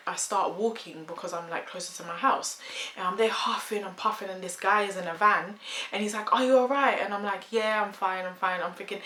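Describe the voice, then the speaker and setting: A woman's voice: fairly low pitch, bright, forceful tone. Chatty woman telling a story. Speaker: vlogger. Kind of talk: storytime vlog. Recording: echoey room, faint hum.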